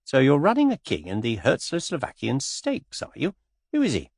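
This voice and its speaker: A man reading an audiobook, voicing a witty young English society woman in an airy, teasing, quietly amused manner. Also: mid-range voice, huge pitch swings, normal speed, husky, dry recording, clean studio sound, exaggerated voice.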